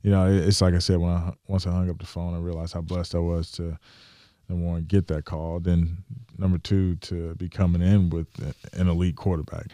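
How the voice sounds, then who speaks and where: A young man with a very low, mellow voice tells his story in a relaxed interview. He slips into the voices of his own past thoughts as he goes. The sound is dry and close. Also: fairly quick, no room sound. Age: young adult. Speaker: NFL tight end, guest.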